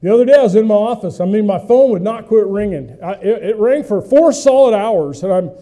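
A man's voice: high-pitched, expressive, a little fast, warm tone. A middle-aged male pastor preaching a conversational sermon, folksy and full of questions to the congregation, with self-mocking humor.

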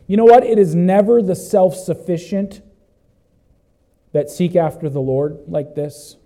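An emphatic male preacher with a high yet mellow voice. He repeats phrases, asks his listeners questions, and swings from loud cries down to low, intense stretches. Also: a little slow, low-quality recording. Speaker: pastor. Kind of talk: sermon.

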